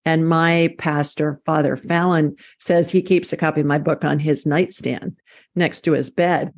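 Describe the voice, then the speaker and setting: A woman hosting an interview, speaking with brisk humorous asides. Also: low-pitched, steady tone. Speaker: podcast host, psychic and medical intuitive. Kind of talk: interview conversation.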